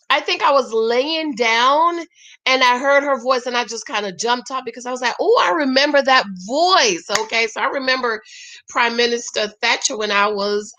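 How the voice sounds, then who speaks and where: A woman's voice: high-pitched, sharp tone. A woman in her forties from Jamaica, chatting and exclaiming as she reacts live to a show, greeting her viewers. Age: 40s. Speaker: reaction host. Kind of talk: live watch-along commentary.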